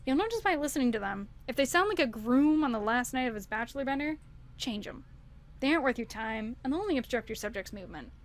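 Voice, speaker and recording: A woman reading as a brisk young woman engineer. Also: on the high side, animated, close to an everyday voice. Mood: confident.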